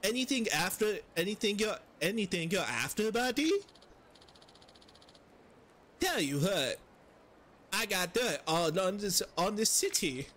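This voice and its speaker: A man's voice: fairly high pitch, expressive, moderate pace, a little hiss or hum, lightly acted. A man putting on a brash, boastful street informant. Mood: wheedling. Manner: mangled vaguely European accent, drawling and sing-song. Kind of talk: reading game dialogue aloud in a put-on voice.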